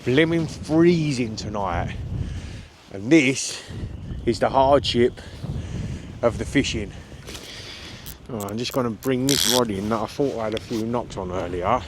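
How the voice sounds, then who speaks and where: This UK fishing vlogger has a medium-pitched voice and a measured pace, often pausing as he chats casually to camera. He walks his viewers through his fishing on an open beach at night, where a strong cold wind produces heavy wind noise on the mic.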